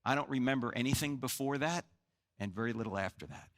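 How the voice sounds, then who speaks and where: This Christian apologetics speaker, a New Jersey man in his sixties, talks fast in a medium-pitched voice. He entertains a live audience with jokes and stories and poses questions to them.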